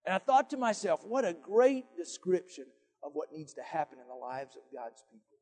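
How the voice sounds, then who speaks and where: An older man, a grandfather, preaching a folksy sermon with stories, swinging from loud emphatic lines to soft quiet ones. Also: on the high side, sing-song, moderate pace, in a large hall. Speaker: pastor.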